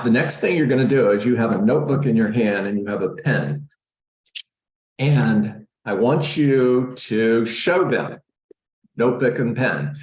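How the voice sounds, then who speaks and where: A middle-aged man coaching real estate agents in a live training, energetic and joking as he acts out scripts. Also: medium pitch, echoey room, low-quality recording.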